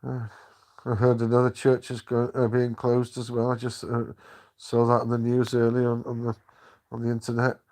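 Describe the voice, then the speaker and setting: An older man rambles through memories on a live stream, stopping and restarting his sentences. His voice stays low-key and flat, with little rise or fall. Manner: rambling, halting, many restarts. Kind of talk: casual live-stream chat.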